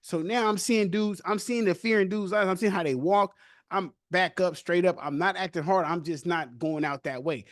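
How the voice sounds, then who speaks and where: A young man hosting a podcast, telling his own story casually with loose street slang and animated retellings. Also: sits high, moderate pace, dry recording, clean studio sound.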